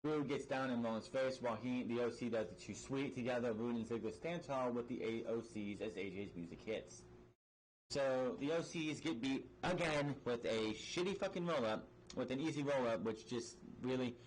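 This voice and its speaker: Dude ranting through a wrestling recap, sarcastic and blunt, mid-pitched, faint hiss behind him. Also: male voice, low-quality recording. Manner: blunt, sarcastic, swears freely; rapid recap with frequent restarts and fillers. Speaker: wrestling show reviewer. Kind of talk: casual recap commentary.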